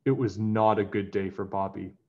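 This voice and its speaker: A man reading a children's picture book aloud in an animated storytelling way. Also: lowish voice, moderate pace, lo-fi sound.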